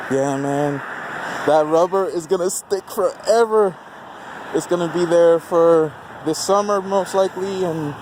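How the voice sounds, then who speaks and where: A man's voice: fairly high pitch, noisy background. A man filming outdoors at night on a handheld camera, giddy and swearing, laughing often between remarks. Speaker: vlogger filming a burnout. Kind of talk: excited casual commentary.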